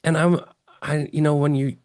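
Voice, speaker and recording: Earnest, excitable man from Texas. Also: on the high side, moderate pace, no echo, clean studio sound. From Texas, USA. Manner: earnest, excitable, often restarts phrases. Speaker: interview guest. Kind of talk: personal storytelling in an interview.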